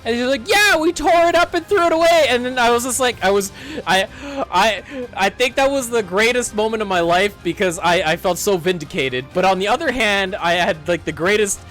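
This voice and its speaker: A man's voice: sits high, moderate pace, soft background music. A man casually ranting through a story from his retail job, acting out the dialogue and swearing as he goes. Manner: animated, acts out dialogue, swears and laughs. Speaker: streamer telling a work story.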